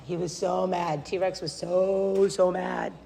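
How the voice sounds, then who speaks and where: A woman's voice: fairly low pitch, little pitch movement, slow, gravelly, dark tone, slight background noise. A woman giving a candid, self-deprecating recovery meeting share at a podium mic, rambling with many fillers. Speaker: AA speaker. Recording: long hall reverb.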